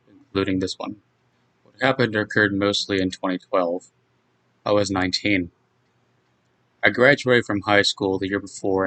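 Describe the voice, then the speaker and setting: Brief: man, twenties, low voice, reflective personal-story read. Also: fairly bright tone, rough recording. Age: 20s. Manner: measured, reflective first-person narration. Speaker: guest narrator telling his own story. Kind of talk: reading a personal account.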